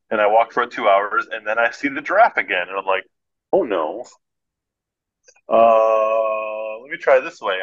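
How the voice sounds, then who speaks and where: A man from Michigan telling a story as a podcast guest, animated and laughing, acting out the voices of the people in it. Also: on the low side, highs cut off. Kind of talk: casual storytelling.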